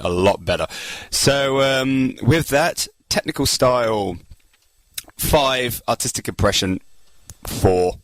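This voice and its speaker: A man's voice: medium pitch, fairly bright tone, no room sound, rough recording. A man hosting a podcast and judging a contest, rambling with lots of fillers. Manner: rambling, hesitant, many fillers. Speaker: contest judge and podcast host.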